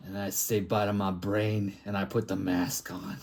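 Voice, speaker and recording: A man's voice: lowish voice, little pitch movement, normal speed, creaky, a little mellow. A man voicing a grimy male plague doctor from a back-alley town, rambling and crude in an improvised comic monologue. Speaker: artist improvising a comic story.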